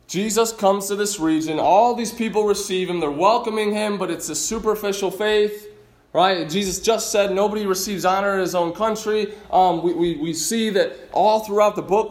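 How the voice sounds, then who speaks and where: A man's voice: sits high, darkish tone, reverberant. A man preaching a sermon as pastor in a conversational, emphatic way, often restarting his phrases.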